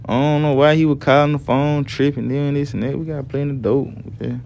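A man's voice: medium pitch, little pitch movement, fairly quick, gravelly, a little mellow, slight background noise. A young man casually narrating a game story in heavy slang, laid-back and profane, often asking "you feel me". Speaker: gameplay storyteller.

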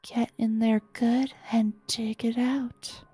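Whispered role-play: woman doing a breathy, slow, taunting ghost, morbid and singsong. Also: on the high side, level tone, dark tone, faint music behind, pitched above the performer's own voice, exaggerated voice. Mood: gleeful creepy. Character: creepy whispering spirit voice, gleeful and morbid.

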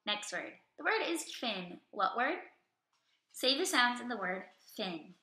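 Woman teacher, bright voice, slow and clear, first grade reading lesson, echoey room. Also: a little high, sing-song. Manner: slow, clear, drawn-out reading with echo questions. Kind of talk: recorded reading and phonics lesson.

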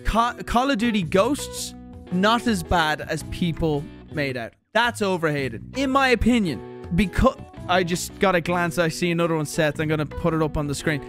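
An Irish gaming YouTuber with a high voice and moderate pace reacts to his viewers' takes, swearing and ranting. He comes across as exasperated and animated, backed by faint music.

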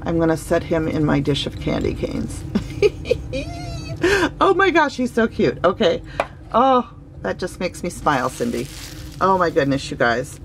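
A woman's voice: low-pitched, animated, normal speed, gravelly, a little hiss or hum. A woman opening handmade gifts on her craft vlog, gushing and sentimental, with many fillers. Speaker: craft vlogger. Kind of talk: casual gift-opening vlog.

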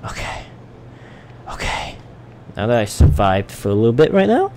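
A man's voice: mid-range voice, moderate pace, slight background noise. A man streaming a survival game live, chatting to himself, swearing and yelping at what happens on screen. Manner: excitable, swearing, yelps and laughs at the game. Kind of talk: live gameplay commentary.

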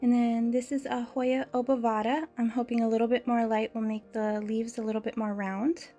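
Chatty giggly woman, fairly high voice. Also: flat delivery, moderate pace, dark tone, faint music behind. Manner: chatty and giggly, frequent small laughs. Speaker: plant vlogger. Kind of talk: casual DIY vlog narration.

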